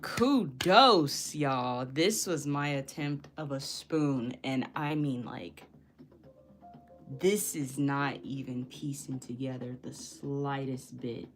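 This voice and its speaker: A woman's voice: a bass voice, level tone, slow pace. A young woman talking casually while painting, frustrated and joking about herself, laughing often. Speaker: painting vlogger. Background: soft background music.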